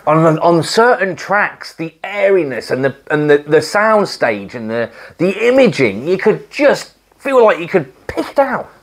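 A channel host reviewing speakers in a casual to-camera vlog, with a slightly husky voice that swoops widely up and down. They gush and keep restarting sentences, mimic little sounds and sometimes drop to a hushed tone. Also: medium pitch, measured pace, few pauses. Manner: excitable, gushing, with many restarts and trailing phrases.

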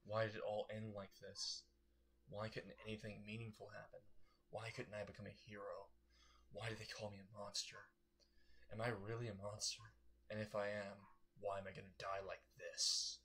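A man voicing a lonely, despairing young boy, speaking quietly in questions. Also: lowish voice, completely flat delivery, normal speed, husky, exaggerated voice, low-quality recording.

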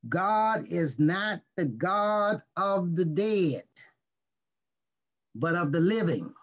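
A male pastor gives a sermon, reading scripture and explaining it with deliberate stress on key words. His voice sits high, and he takes his time over each phrase. The recording is dull and lo-fi. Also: animated. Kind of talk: sermon teaching.

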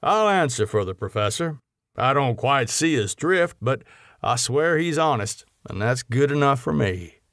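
A man's voice: medium pitch, lively intonation, a little slow, a bit bright, no echo, clean studio sound, pitched above the performer's own voice. A man doing a blunt, laconic young man. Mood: frank. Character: plain-spoken loyal young man, laconic.

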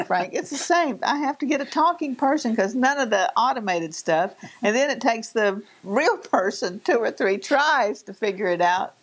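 Casual Southern Appalachian woman co-host, lively anecdote teller. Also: a little high. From Southern US, Virginia and North Carolina. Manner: animated storyteller, mimics voices. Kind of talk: casual studio chat.

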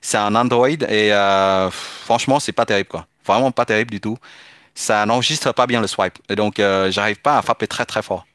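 A man's voice: fairly low pitch, fairly even intonation, a little fast, a bit bright, no echo, studio quality. A man chatting casually with viewers during a live game stream, hesitant and full of restarts. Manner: hesitant, restarts often, switches between French and English.

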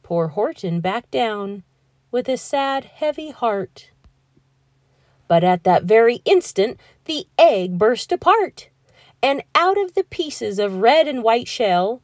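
A woman reading a children's rhyming storybook aloud in a lively, expressive, rhythmic way. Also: fairly high pitch, no echo, studio quality. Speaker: children's book reader.

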